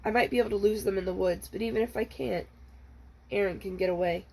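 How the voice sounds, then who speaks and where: A woman librarian reading the first chapter of a novel aloud, in a steady, measured storytelling manner. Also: mid-range voice, gravelly, husky, rough recording.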